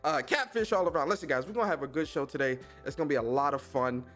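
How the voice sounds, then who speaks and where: A man hosting a casual live stream, giving rapid slangy shout-outs to his chat. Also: on the high side, faint music behind. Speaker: podcast and stream host.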